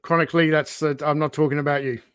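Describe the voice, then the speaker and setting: A man's voice: fairly high pitch, level tone, quick pace, fairly bright tone, clean tone, no room sound, clean studio sound. A man guesting on a casual livestream, candid and self-deprecating, laughing often. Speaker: guest toy channel host.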